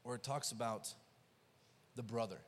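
A man preaching a sermon who swings between loud and hushed passages and acts out the dialogue of the story. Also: mid-range voice, fairly even intonation, moderate pace. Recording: long hall reverb.

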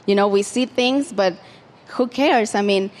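A woman's voice: mid-range voice, unhurried, long reverb tail. A woman preaching an informal sermon in a conversational way, with frequent fillers and restarts.

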